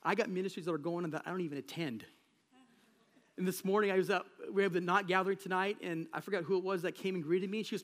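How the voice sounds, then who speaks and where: High-voiced preacher in a reverberant hall. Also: male voice, fairly even intonation, fast talker, fairly bright tone. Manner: conversational, storytelling preaching. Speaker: pastor. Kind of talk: sermon. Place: church sanctuary. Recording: long reverb of a large hall.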